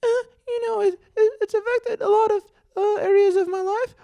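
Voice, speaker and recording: A man putting on the voice of a man with a damaged, squeaky high voice. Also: steady tone, moderate pace, vocal fry, mellow. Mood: earnest. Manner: strained falsetto impression.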